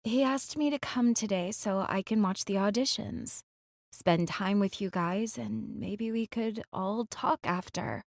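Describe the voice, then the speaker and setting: A woman's voice: mid-range voice, measured pace, creaky, no room sound, studio quality. A woman voicing a pleading young ex-girlfriend. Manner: soft, pleading, defensive. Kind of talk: audiobook character dialogue. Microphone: close studio mic.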